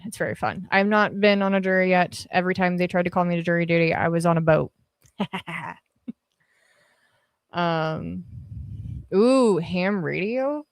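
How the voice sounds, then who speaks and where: A woman's voice: lowish voice, dry recording. Casual swearing woman streamer on a dry mic. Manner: chatty, swears freely, laughs often, trails off with ums. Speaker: livestream host. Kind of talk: casual livestream chat reading comments. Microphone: podcast dynamic mic on an arm.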